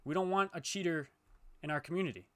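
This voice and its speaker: A young man, a gaming YouTuber, ranting heatedly and profanely to his viewers, swinging between loud outbursts and low muttering. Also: quick pace. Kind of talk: ranting to camera.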